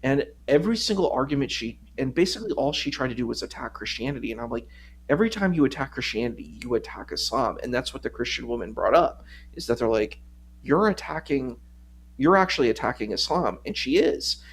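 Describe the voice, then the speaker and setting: A man guesting on a livestream, critiquing a debate in a measured, rambling, casual way. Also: medium pitch, very animated, slightly rough. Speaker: stream co-host guest. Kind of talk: casual discussion.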